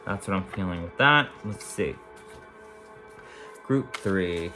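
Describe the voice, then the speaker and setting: A man giving a casual tarot reading to camera, rambling and repetitive with warm, affirming lists of praise. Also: on the low side, animated, slow, long pauses, music in the background. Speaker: tarot reader.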